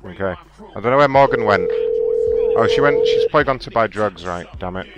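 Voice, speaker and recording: A man hosting a prank call show, talking in deadpan, provocative banter. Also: fairly low pitch, moderate pace, muffled recording, heavy background noise. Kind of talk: casual live-show chat and prank calls. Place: home room.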